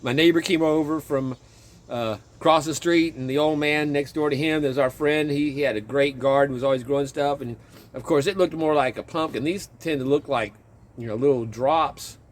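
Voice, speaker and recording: A man casually chatting in his garden outdoors, rambling and chuckling as he talks, with a relaxed, self-interrupting way of speaking. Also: fairly high pitch, moderate pace. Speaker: vlogger and home gardener.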